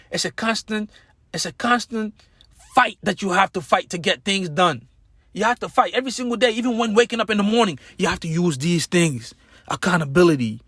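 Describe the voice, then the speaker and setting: A man giving an impassioned motivational speech, preaching with loud emphatic peaks and repeated key words. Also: sits high, no room sound, studio quality. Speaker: motivational speaker.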